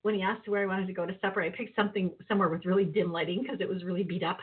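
A woman telling a lively personal story with laughter, acting out voices as she goes. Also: mid-range voice, rapid-fire, hardly any pauses, slightly rough. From northern Minnesota. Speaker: guest. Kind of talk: animated storytelling. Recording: phone-like narrow sound.

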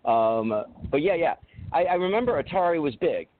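A man's voice: on the high side, expressive, moderate pace, no echo. A man co-hosting a podcast, telling rambling, profane stories in casual chat. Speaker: podcast co-host. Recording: tinny phone-like audio with faint noise.

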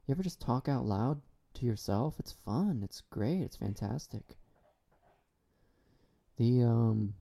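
Slow, dark-voiced deadpan man. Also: mid-range voice, vocal fry. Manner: deadpan, absurd, meandering. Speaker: talk show host. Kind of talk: rambling solo comedy talk show.

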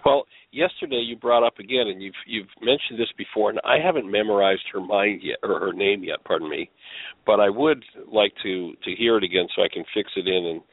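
A man hosting a radio show, talking casually with appreciative, halting phrasing. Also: fairly low pitch, dry recording. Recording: tinny phone-line radio audio, dry.

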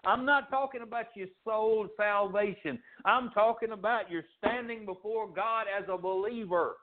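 A man with a high voice preaches a sermon, rising and falling sharply as he acts out the people in his story. The sound is thin and tinny, as if heard down a phone line. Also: moderate pace. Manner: preaching with dramatic pitch swings, acting out quoted voices. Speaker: pastor.

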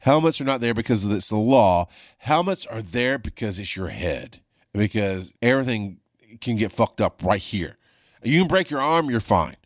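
Middle-aged male paramedic host, low-voiced, swears freely, animated storyteller. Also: moderate pace, dry recording, studio quality. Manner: animated, profane, voice jumps high when reenacting panic. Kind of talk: casual storytelling monologue.

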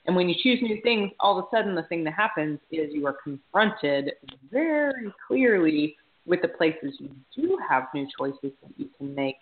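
A woman's voice: lowish voice, sing-song, normal speed. Woman podcast co-host chatting loosely and correcting herself mid-thought, on a thin phone-quality line. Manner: rambling, self-correcting, thinks aloud. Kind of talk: casual chat. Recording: tinny phone-like sound.

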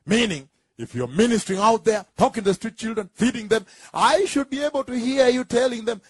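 A man preaching an emphatic, repetitive sermon. He often asks the congregation whether they follow, and at times stretches words out into drawn-out shouts. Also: very high-pitched, lively intonation, slightly rough, no echo, clean studio sound.

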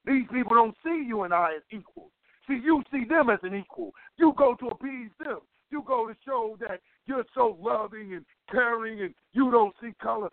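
A man's voice: very high-pitched, moderate pace, no room sound. A man giving an impassioned political talk as an organizer, emphatic and preachy, repeating phrases for weight. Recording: tinny phone line, dry.

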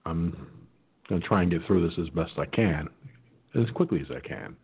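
This man has a deep, gravelly, husky voice with lively intonation, talking at normal speed as host of a political talk radio show. The line sounds tinny and phone-like. He rambles with frequent fillers and restarts, says he hasn't eaten, and may sound like he has food in his mouth.

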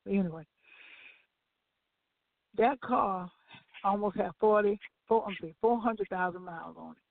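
A woman telling a lively testimony on a gospel talk show, quoting people as she goes. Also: mid-range voice, normal speed, gravelly, dry recording. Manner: animated storytelling with laughs and acted-out quotes. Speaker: gospel radio co-host. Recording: dry, tinny phone-line sound.

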